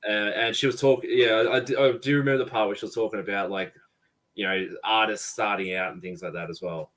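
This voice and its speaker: A guest from Australia in a casual chat, answering in short agreeing replies. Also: male voice, fairly low pitch, steady tone, fast talker, fairly bright tone.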